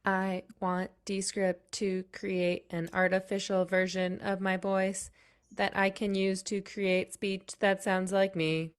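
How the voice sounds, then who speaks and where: A woman putting on a flat, mechanical robot voice. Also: mid-range voice, slow, smooth, natural voice. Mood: robotic.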